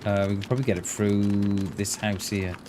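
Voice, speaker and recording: A man's voice: on the low side, brisk, noisy background. A man streaming a survival game, chatting casually and joking with a teammate. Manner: relaxed, joking banter with a teammate. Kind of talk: casual gameplay chat.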